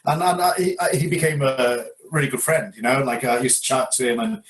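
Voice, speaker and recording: A man from England, co-hosting a podcast, telling a story in a relaxed way with fillers. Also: medium pitch, brisk. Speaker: podcast co-host. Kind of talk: casual storytelling chat.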